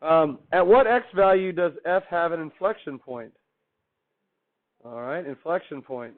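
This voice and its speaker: In a tinny, phone-like recording, a man with a slightly high voice delivers a classroom math lecture at an unhurried, expressive pace. He's chatty and upbeat, posing questions to the class and then answering them himself.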